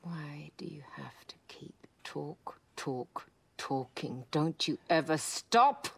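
A woman voicing an exhausted, irritable mother who snaps at her son in a breathy, creaky whisper while recapping a film. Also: high voice, sing-song, takes it slowly, fairly bright tone, voice pushed up, exaggerated voice. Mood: irritated. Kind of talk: film recap with acted scene.

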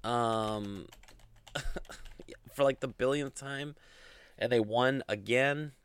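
A man's voice: mid-range voice, drawn-out words, clean tone. A man hosting a casual solo gaming podcast, rambling with lots of fillers and restarts. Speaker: podcast host.

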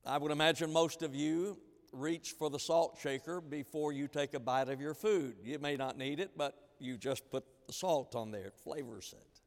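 Emphatic preacher in a reverberant hall. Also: male voice, on the high side, normal speed. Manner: emphatic, repeats key phrases, swings between loud and hushed. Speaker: pastor. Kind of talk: sermon.

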